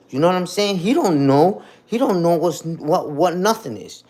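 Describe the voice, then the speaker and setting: Animated man ranting to a live chat. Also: fairly high pitch, moderate pace, few pauses. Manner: animated, repetitive, streetwise slang with "you heard?" tags. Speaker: livestream host. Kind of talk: casual rant to a live chat.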